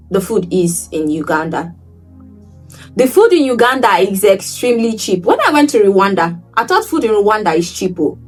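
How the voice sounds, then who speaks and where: A woman from Nigeria telling stories to her travel vlog viewers, animated, often repeating words for emphasis. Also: a little high, far from the mic. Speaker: travel vlogger. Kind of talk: casual vlog storytelling.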